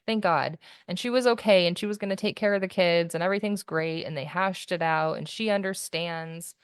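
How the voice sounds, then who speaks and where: A woman's voice: lowish voice, steady tone, fairly quick, smooth, dry recording, studio quality. A woman guest giving a candid personal account in an interview, rambling and full of fillers like "like" and "you know.".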